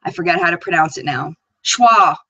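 Casting: excitable woman streamer, chatty, close dry mic. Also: medium pitch, a little fast, no echo, dull audio. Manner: bubbly, chatty, reads viewer comments aloud. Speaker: beauty channel host. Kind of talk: live chat stream.

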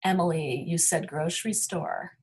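A woman's voice: low voice, normal speed. A middle-aged woman clinician hosting a webinar, talking reflectively with many fillers as she answers questions. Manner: warm, reflective, many "um"s and "you know"s.

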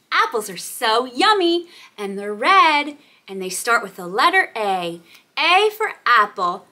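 A woman's voice: fairly high pitch, sing-song, takes it slowly, sharp tone. A woman hosting a toddler learning video, cooing and sounding out letters in an exaggerated, sing-song way. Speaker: children's teacher and host.

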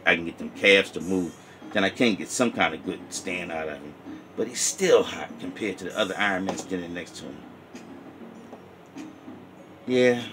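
A man's voice: deep voice, a bit bright, a little hiss or hum. A man casually chatting through a toy review vlog, rambling and heartfelt. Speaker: toy collector vlogger.

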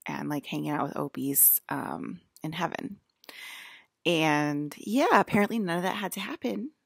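Woman rambling on camera, lots of "like", gravelly fry in her voice, lowish, dry close sound. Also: dry recording. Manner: rambling, fills speech with "like", laughs often. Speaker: vlogger. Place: indoors at a table.

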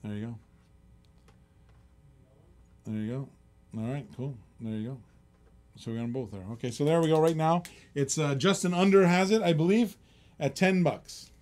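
A middle-aged man with a slightly high voice hosts a casual live-stream auction. He rambles loosely, chuckles often and reads out the bids as they come in. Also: normal speed, pauses often, darkish tone.

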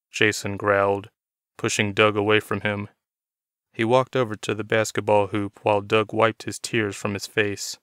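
Male narrator, low smooth voice, dry close mic, measured delivery. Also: monotone, a bit bright, no room sound. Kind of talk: scripted narration of a novel.

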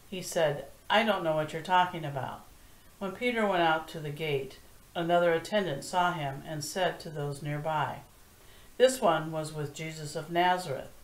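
A woman reads scripture aloud at an even, measured pace. Her voice sits low, and the recording has a roomy echo around it. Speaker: scripture reader. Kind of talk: prerecorded scripture reading. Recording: echoey room.

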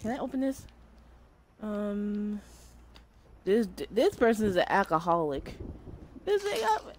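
A woman's voice: mid-range voice, very animated, measured pace, darkish tone, a little hiss or hum. A young woman streaming a horror game, chatty and jumpy, talking to the game and to her viewers. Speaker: gamer streamer. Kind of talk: let's-play commentary.

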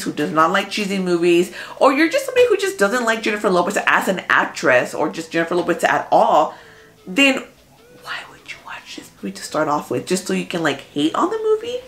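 A woman's voice: medium pitch, a bit bright. A young woman chatting casually to her viewers as she recaps the movies she watched, full of fillers. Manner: chatty, filler-heavy, talks straight to viewers. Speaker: movie review vlogger.

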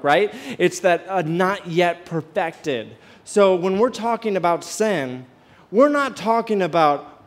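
High-voiced pastor preaching conversationally. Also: male voice, expressive, a little slow. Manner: conversational, asks the congregation questions, many restarts. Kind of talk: sermon. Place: church sanctuary, walking the aisle.

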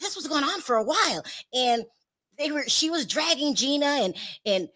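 A woman hosting a casual celebrity gossip show, chatty and animated, reading out viewer comments and scolding in drawn-out repeats. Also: sits high.

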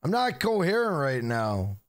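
Tired dude on stream, highish voice that swings around, keeps trailing off and repeating bro, dry close mic. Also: male voice, very animated, unhurried, no room sound. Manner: weary and mumbling, trailing off low, repeats himself with "bro". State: exhausted. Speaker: gaming streamer. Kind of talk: casual live-stream chat.

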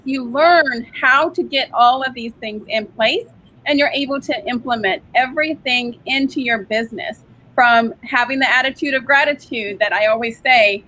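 A woman with a high voice speaks in an upbeat, bright tone as an interview guest. She explains her business in casual talk, often repeating a word as she goes. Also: normal speed, slight background noise, low-quality recording.

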